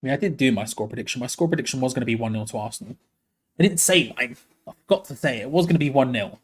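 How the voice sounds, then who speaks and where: A young man doing live fan commentary on a match, excitable and groaning in frustration. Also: medium pitch, very fast, breathy edge. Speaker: fan watch-along host.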